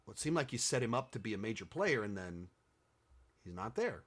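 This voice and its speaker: A man's voice: on the low side, sing-song, fairly quick, fairly bright tone, husky. A man hosting a casual commentary video, answering viewer questions, rambling and thinking aloud with many restarts and sarcastic stretches.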